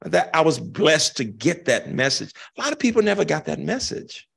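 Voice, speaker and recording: An older man giving a keynote talk, answering an audience question with animated, emphatic storytelling and slow, dramatic pauses. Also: medium pitch, creaky, husky. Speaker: keynote speaker. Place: lecture hall.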